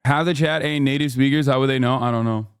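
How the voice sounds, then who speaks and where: A man in his thirties streaming reaction commentary, animated and joking as he reads from his chat, on a close desk mic. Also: medium pitch, quick pace, clean tone, no room sound.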